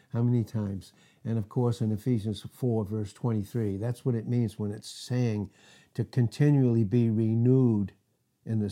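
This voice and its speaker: A man's voice: mid-range voice, dark tone. A man preaching a sermon, reading scripture verses aloud and asking the listeners questions that he answers himself. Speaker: pastor.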